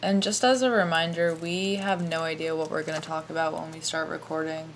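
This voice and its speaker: A young woman co-hosts a casual podcast, her voice low and gravelly with a touch of vocal fry. She is laid-back and giggly and trails off into fillers. A faint hiss sits under the recording. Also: fairly even intonation, fairly quick. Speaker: podcast co-host. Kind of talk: casual chat.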